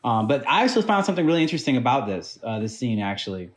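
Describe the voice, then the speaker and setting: Male podcast co-host, rapid talker, skeptical and analytical. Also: mid-range voice. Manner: quick, animated, picks apart story logic. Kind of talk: casual chat.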